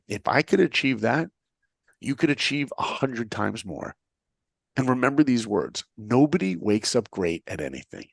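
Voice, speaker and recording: The recording is dry, capturing a middle-aged New Yorker's mid-range, fry-tinged voice. Animated and motivational, he tells his own story and plays out the dialogue he remembers.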